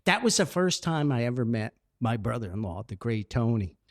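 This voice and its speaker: A man's voice: medium pitch, moderate pace, no room sound, clean studio sound. A man telling old neighborhood stories in a casual podcast monologue, laughing and acting out the dialogue. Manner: animated, laughing, acts out dialogue. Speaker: podcast storyteller. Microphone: studio mic.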